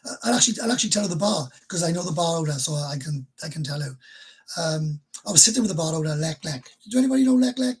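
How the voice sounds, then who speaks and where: Blunt, chatty man with a husky voice. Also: a little high, fast, poor audio. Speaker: livestream host. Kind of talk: casual livestream chat.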